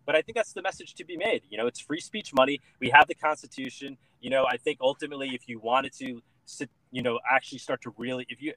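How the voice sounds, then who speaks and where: An earnest man speaking as a guest in a relaxed interview, mid-pitched and steady. He leans on fillers and repeats himself as he works through his points. His voice sounds dry and close, with almost no room sound. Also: no room sound, poor audio. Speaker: guest, political candidate. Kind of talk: casual interview chat.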